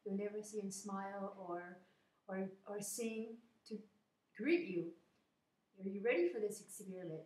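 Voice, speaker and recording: A woman voicing a grave old male court wise man who speaks quietly and solemnly, in an echoey room. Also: mid-range voice, unhurried, close to an everyday voice.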